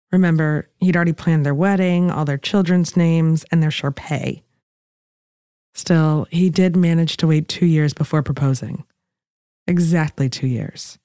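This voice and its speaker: A woman narrating a podcast in a measured, wry scripted style. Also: deep voice, mellow, dry recording, clean studio sound.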